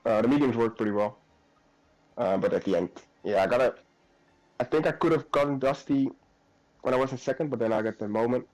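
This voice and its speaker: A man's voice: mid-range voice, fairly quick, pauses often, a little mellow, rough recording. A man talking through his race casually in a post-race interview, swearing now and then.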